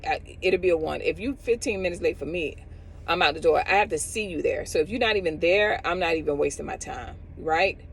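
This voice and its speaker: A woman's voice: medium pitch, slight background noise, rough recording. A middle-aged woman, a cosmetologist giving casual advice outdoors and acting out other people's lines as she talks. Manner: animated, acts out others in quotes.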